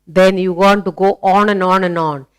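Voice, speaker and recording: A woman with an Indian English accent teaching phonics to children, drawing out key words slowly and asking many questions. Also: medium pitch, steady tone, smooth. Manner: slow and deliberate, drawing out key words, asks frequent questions. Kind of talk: slow, animated teaching to children.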